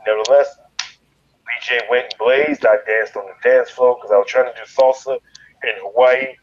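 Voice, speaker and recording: A man from Chicago telling a wild story in an interview, profane and animated, leaping into loud quoted voices. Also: mid-range voice, normal speed, lo-fi sound, slight background noise. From Chicago, USA. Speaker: guest, fighter.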